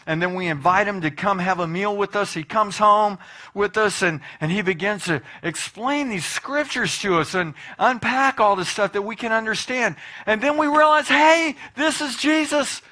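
Voiced by a man, an excited young man bursts out with news he can barely contain. His voice jumps high and loud, and his words come out in a bright, tumbling rush. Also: moderate pace.

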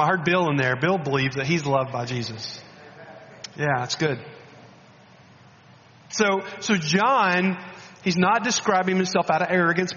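A man preaching a sermon as a guest speaker, animated and coaxing, often restarting and repeating words. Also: on the high side, big-room sound, lo-fi sound, slight background noise.

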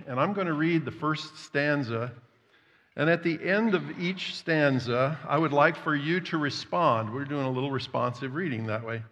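A man preaching a sermon as pastor, reading scripture aloud earnestly and pausing often with fillers. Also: mid-range voice, fairly bright tone. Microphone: worn microphone. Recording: long hall reverb.

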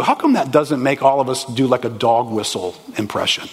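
A man preaching a sermon as a pastor, animated and conversational, asking the congregation rhetorical questions. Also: medium pitch, brisk, slightly rough. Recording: echoey hall, long reverb.

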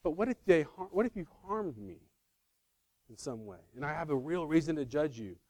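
A man with a fairly high voice preaches in an easy, conversational way, pressing hard on key points and fixing his words as he goes. The sound is dry and close, with no room echo. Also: sing-song, normal speed, a little mellow. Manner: conversational, self-correcting, emphatic. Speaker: pastor. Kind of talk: sermon.

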